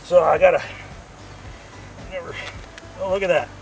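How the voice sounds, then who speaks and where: A man hosting a casual outdoor vlog, with a joking, folksy, excitable way of talking. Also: high-pitched, moderate pace, vocal fry, far from the mic, dull audio, soft background music. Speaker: RV vlog host. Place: outdoors by a vehicle.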